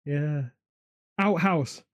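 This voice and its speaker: A man co-hosting a comedy podcast, rambling through absurd deadpan tangents in casual chat. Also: on the high side, very slow, dry recording, clean studio sound. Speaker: podcast co-host.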